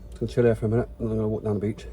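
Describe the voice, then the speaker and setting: A man's voice: on the low side, racing. Chatty Englishman on a windy beach. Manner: chatty and relaxed, swears casually. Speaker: vlogger. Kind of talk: casual vlog narration. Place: outdoors at a beach.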